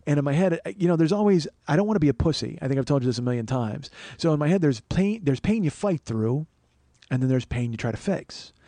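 A man talking very fast and loose, his stories rambling and full of swearing and self-mockery. The sound is close and dry with no room around it. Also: a little high, animated, mellow, no room sound. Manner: rambling, profane, self-mocking. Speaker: podcast host. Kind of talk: casual comedic storytelling.

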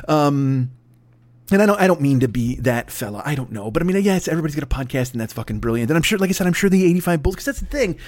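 A man with a fairly high voice rants on his podcast, swearing freely and wandering from one tangent to the next. His tone is sarcastic and loose. He is close on the microphone in a dry, dead room. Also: expressive, very fast, a little mellow, dry recording. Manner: profane, sarcastic, rambling. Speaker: podcast host. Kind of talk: casual comedic rant.

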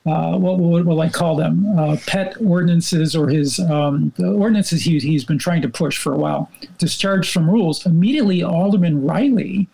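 Gravelly male reporter explaining. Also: on the high side, normal speed, few pauses, mellow, low-quality recording. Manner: explanatory, hesitant, wry. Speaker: reporter guest. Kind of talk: casual political talk.

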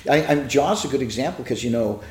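An older man, a TV writer, is an interview guest in a casual chat, telling long rambling stories and acting out the quotes in them. His voice is medium-pitched and he talks fast. The room sounds echoey.

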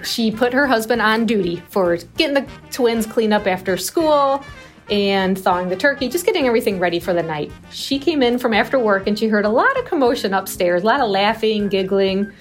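A woman who works a turkey advice hotline, telling a caller story in an amused, lively way. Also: medium pitch, brisk, faint music behind. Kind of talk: anecdote in an interview.

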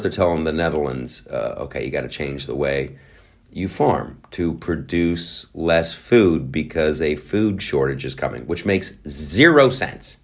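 Deep-voiced, animated ranting man. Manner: animated, sarcastic, swears, puts on quick voices. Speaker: podcast host. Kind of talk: ranting commentary.

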